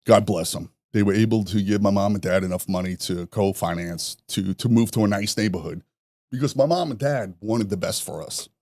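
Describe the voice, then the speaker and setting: A man, a podcast guest telling rough stories in a profane, animated way, laughing at his own jokes. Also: fairly low pitch, fairly quick, no echo, clean studio sound. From New York. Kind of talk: casual storytelling.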